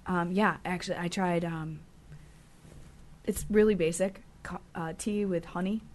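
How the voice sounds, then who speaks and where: A woman's voice: on the low side, steady tone, measured pace. A young woman co-hosting a casual chat show, her voice scratchy from a sore throat, bubbly and giggly. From upstate New York. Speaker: co-host.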